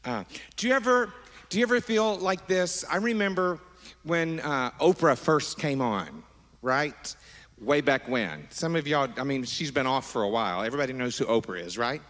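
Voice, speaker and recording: A middle-aged man preaching as a pastor, animated and affectionate, wandering into asides with his congregation. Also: medium pitch, moderate pace. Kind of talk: sermon. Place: large church sanctuary. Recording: long hall reverb.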